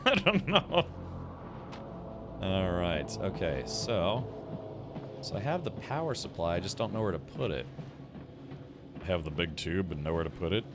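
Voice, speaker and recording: A man streaming a video game, chatting casually with viewers and reacting out loud as he plays. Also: deep voice, big pitch swings, unhurried, pauses often. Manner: casual, rambling, reacts aloud while playing. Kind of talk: gaming livestream commentary, chatting with viewers. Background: game music.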